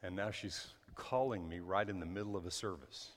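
During a church service, a male pastor delivers a sermon in a low voice at normal speed, with the sound of a big room around him. His tone is conversational, punctuated by sudden loud bursts and apologetic asides.

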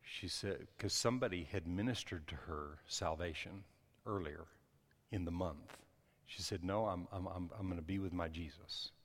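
Deep-voiced man preaching in a reverberant hall. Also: normal speed. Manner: conversational, many restarts and asides. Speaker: pastor. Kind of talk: sermon storytelling.

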